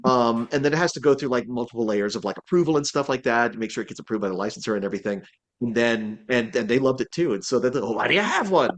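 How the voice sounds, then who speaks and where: A man's voice: mid-range voice, fast talker. Rambling man voice actor chatting. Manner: rambling, many restarts and fillers, animated quotes. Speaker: voice actor guest. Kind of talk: casual interview chat.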